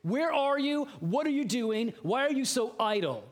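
A man's voice: extremely high pitch, sing-song, moderate pace, voice pushed up. A man preaching a sermon, voicing an ancient male prophet who protests urgently to God with rising, accusing questions. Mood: exasperated.

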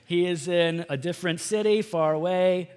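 A middle-aged man preaching a sermon as pastor of a church, shifting from hushed, earnest tones to loud, emphatic bursts. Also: high voice, moderate pace, clean tone.

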